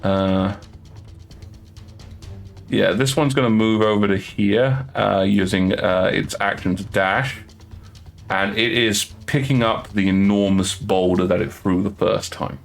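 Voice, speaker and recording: A man's voice: fairly low pitch, fairly even intonation, a little slow, vocal fry, faint music behind. A man narrating as dungeon master, hesitant and full of fillers and restarts. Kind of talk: narrating a tabletop game.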